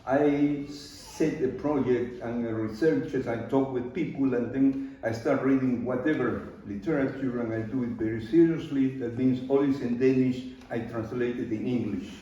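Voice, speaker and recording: An older artist from Peru gives a live talk in a large art studio, his Spanish-accented voice mellow, low in brightness and fairly even in intonation. He speaks unhurriedly with loose grammar, frequent pauses and fillers, captured from far off in a very echoey room that sounds slightly dull.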